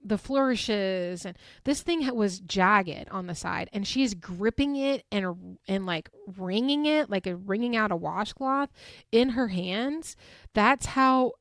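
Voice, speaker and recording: A woman in her thirties, hosting a podcast and retelling events in a chatty, animated way, full of fillers. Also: mid-range voice, slow, no room sound, clean studio sound. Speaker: podcast host. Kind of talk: casual recap chat.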